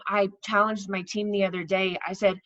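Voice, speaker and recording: Casting note: woman leading a sales team, chatty coaching, middle pitch, slightly dull lo-fi sound. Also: little pitch movement, normal speed, fairly bright tone. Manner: chatty, repeats herself, acts out sample messages. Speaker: network marketing team leader. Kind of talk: casual coaching talk to her team.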